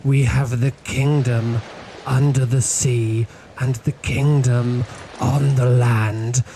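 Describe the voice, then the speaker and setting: A mad old cultist mother, as a man puts her on in a tabletop horror game. She speaks slowly and coldly, in a gravelly voice. A steady hiss runs behind the recording. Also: medium pitch. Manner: slow, cold, mocking.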